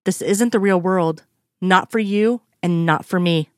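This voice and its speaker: A woman's voice: lowish voice, a little slow, no room sound, studio quality, close to an everyday voice. A woman reading the lines of a frank, strong-willed woman in a story, earnest and lifting in emphatic lines. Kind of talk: fan fiction read aloud.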